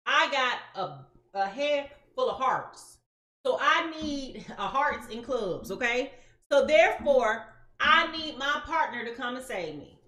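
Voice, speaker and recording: A woman's voice: high voice, sing-song, takes it slowly, pushed and bright, echoey room. A woman giving a casual live-stream tarot reading, chatty and slangy, talking straight to her viewers. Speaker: tarot reader.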